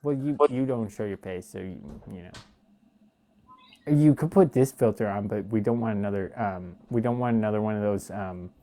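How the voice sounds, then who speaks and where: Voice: mid-range voice, normal speed, mellow. A livestream host in casual chat, goofy and laughing often, hesitating with many fillers, on a phone mic.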